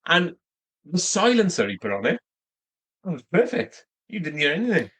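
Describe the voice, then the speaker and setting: A man's voice: on the high side, sing-song, moderate pace, fairly bright tone, breathy edge. A man co-hosting a film podcast, making jokes and chuckling in casual chat. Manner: jokey, chuckling. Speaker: podcast co-host.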